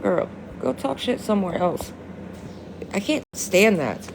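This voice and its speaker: A woman's voice: medium pitch, sing-song, unhurried, vocal fry. A young woman talks loosely into her phone during a live stream, in a mid-range voice. Her talk is slangy and full of swearing, and she bursts out laughing often. A faint hum sits behind her. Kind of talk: casual live-stream chat.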